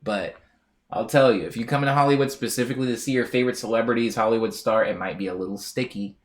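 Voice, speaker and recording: A man's voice: mid-range voice, fairly even intonation, racing. A young man streaming live, reading viewer comments aloud and riffing on them in a rambling, jokey way with frequent laughs. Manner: rambling, jokey, laughs often, trails off on tangents.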